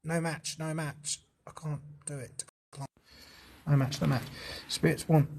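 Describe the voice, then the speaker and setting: Brief: male streamer, husky and high, chatty, easily spooked. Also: fairly even intonation, measured pace, a little mellow. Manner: chatty, jumpy, swears when startled. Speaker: ghost-hunting livestreamer. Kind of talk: casual livestream chat.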